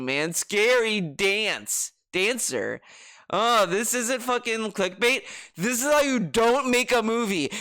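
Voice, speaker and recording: A man's voice: high-pitched, bright, forceful tone, clean tone. A man streaming his reaction to videos, ranting with heated, profane sarcasm. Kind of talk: ranting commentary.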